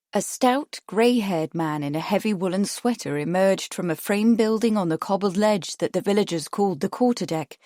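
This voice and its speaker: A woman's voice: mid-range voice, moderate pace, few pauses, no echo, clean studio sound. A woman reading a period mystery novel as an audiobook narrator. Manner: steady storytelling reading. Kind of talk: scripted narration.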